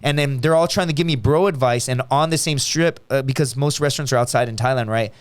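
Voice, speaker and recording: A man guest on a podcast, telling stories in a casual, animated and profane way, acting out other people's lines. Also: mid-range voice, quick pace, clear, resonant tone. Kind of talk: casual storytelling chat.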